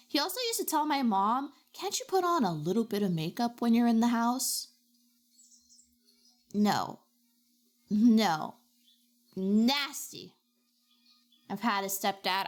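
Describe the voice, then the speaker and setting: Woman streamer, slightly high voice, theatrical reactions, casual chat while drawing. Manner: expressive, dramatic reactions to chat.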